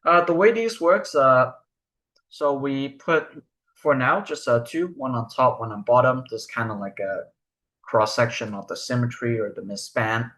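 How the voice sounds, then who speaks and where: A man's voice: medium pitch, fairly even intonation, unhurried, a bit bright. A young man giving a recorded research presentation, explaining step by step and asking rhetorical questions.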